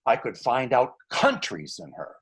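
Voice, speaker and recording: A man's voice: mid-range voice, unhurried, breathy edge, full character voice. An actor reading a frantic comic male servant in a live online Shakespeare scene, talking over a video call. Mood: mocking. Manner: excitable, wildly swooping delivery.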